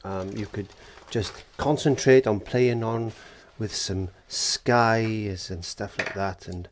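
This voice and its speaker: A man teaching a painting lesson, gentle and encouraging, sometimes dropping into whispered asides, indoors in a studio. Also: fairly low pitch, steady tone, slow, a little hiss or hum. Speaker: art teacher. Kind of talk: painting tutorial.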